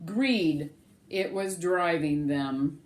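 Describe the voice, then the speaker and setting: A woman reading a rhyming picture book aloud to children, animated and sing-song, stopping to ask the children questions. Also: lowish voice, very slow.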